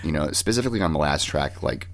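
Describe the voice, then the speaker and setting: A man with a very deep voice hosts a casual music podcast. He swears freely as he talks through bands and records. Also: lively intonation, quick pace. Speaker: podcast host.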